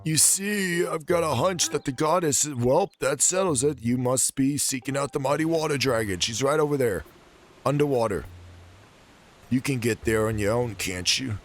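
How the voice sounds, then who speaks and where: A man voicing a cranky old male hermit bird creature from a video game, gruff and grumpy. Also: medium pitch, normal speed, a little hiss or hum, close to an everyday voice. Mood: impatient.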